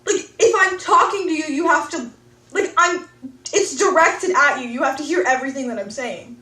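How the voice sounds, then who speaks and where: Teen girl venting, lots of likes, high voice, echoey room, mic kinda far. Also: normal speed, pushed and bright. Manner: chatty, says "like" constantly. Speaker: co-host. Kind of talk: casual chat.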